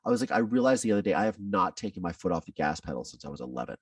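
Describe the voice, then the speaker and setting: A man's voice: low-pitched, big pitch swings, racing, husky, no room sound, clean studio sound, recorded from a distance. A man who is a podcast guest tells his own story candidly, with intense, blunt talk and frequent swearing.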